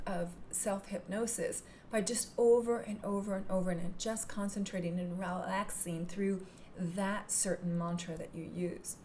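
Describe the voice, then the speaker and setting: A woman teaching hypnotherapy technique in a calm, gentle manner, sometimes dropping into a soft whisper. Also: mid-range voice, slight background noise. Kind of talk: instructional talk to camera.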